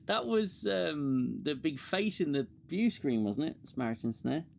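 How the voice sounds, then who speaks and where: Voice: medium pitch, sing-song, a little slow, vocal fry, darkish tone, slight background noise. A podcast co-host in casual chat, giggling and swearing through banter.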